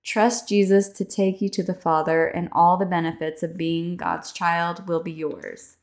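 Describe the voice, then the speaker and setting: A young adult woman hosting a devotional podcast, chatting casually with many fillers and slowing down to read scripture aloud. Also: on the low side, fairly even intonation. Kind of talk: casual devotional reading and reflection.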